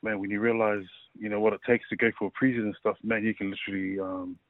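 Man, 30s, rugby player guest, halting speech with fillers, lowish voice, dry phone-like sound. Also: flat delivery, no echo. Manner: halting, full of fillers and restarts. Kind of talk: casual interview, personal story. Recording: tinny phone-like line.

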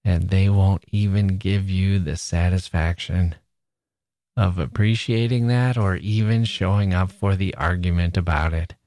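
Low-voiced earnest male podcast host. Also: steady tone, a little slow, dark tone, no room sound, clean studio sound. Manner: earnest, emphatic, builds points through repetition. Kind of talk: literary analysis podcast.

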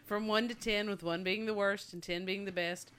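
A woman reading party game questions aloud in a plain, even way. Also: medium pitch, moderate pace, clean tone.

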